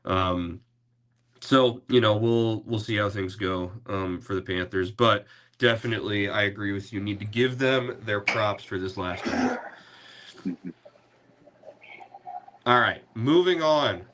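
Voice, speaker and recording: Guy hosting a sports pod, kinda low voice, lots of um and like, restarts a bunch. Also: slow pace, long pauses, a bit bright. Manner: rambling, with many fillers and restarts. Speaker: podcast host. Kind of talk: casual sports chat.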